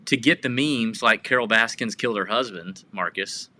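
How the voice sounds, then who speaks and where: A man co-hosting a casual podcast, telling rambling stories with excitement. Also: lowish voice, moderate pace. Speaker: podcast co-host.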